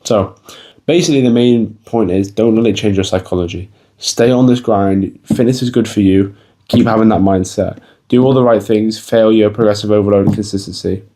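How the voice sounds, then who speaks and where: Mellow-voiced young man, blunt and sweary. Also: lowish voice, a little fast. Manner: blunt, swears a lot, says bro often. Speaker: fitness vlogger. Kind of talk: casual motivational talk to camera.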